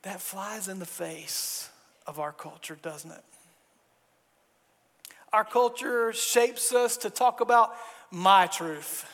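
High-voiced man preaching in a reverberant hall. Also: slow, long pauses. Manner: animated preaching with mock dialogue and rising emphasis. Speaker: pastor. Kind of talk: sermon.

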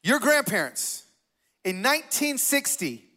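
A man in his forties preaching as a guest speaker in a church, talking casually with self-deprecating humor and animated retelling. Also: very high voice, a little slow. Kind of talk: sermon. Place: church sanctuary.

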